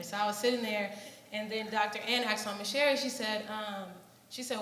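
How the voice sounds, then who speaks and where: Bright-voiced young woman giving testimony. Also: on the high side, brisk. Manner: earnest, storytelling with fillers. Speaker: mission team member giving testimony. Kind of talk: church testimony. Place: church hall. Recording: echoey hall, faint noise.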